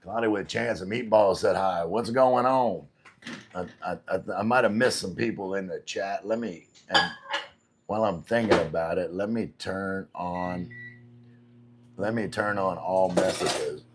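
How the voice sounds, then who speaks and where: Low-voiced man chatting on a live stream. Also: measured pace, background noise. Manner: reads chat messages aloud and answers them chattily. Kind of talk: casual live-stream chat. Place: home in the Philippines.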